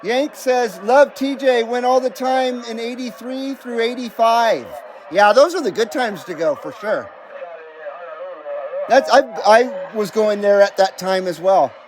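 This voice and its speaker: A man's voice: extremely high pitch, a little slow, a little mellow, a little hiss or hum. A man in his fifties hosting a CB radio live stream, chatting casually and jokingly with viewers and calling out on the air. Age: 50s. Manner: laid-back, jokey, talks to viewers and calls out on air. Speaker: CB radio livestream host.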